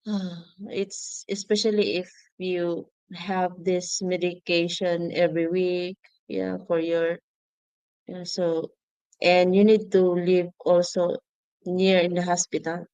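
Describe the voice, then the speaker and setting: A woman co-hosting a casual live-stream chat, talking haltingly and laughing often. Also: on the low side, darkish tone, clean tone, no room sound, muffled recording. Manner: halting, laughs often, reads viewer comments aloud. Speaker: podcast co-host.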